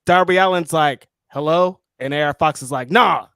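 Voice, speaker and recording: A man co-hosting a casual wrestling recap, telling the story with animated energy and acting out quotes. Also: moderate pace, clear, resonant tone, dry recording, clean studio sound. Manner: animated storyteller, acts out quotes in high voices. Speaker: co-host.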